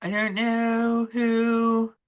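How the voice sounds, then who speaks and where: A woman's voice: on the high side, completely flat delivery, extremely slow. A woman hosting a casual chat livestream, rambling and swearing freely as she talks to her viewers. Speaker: livestream host.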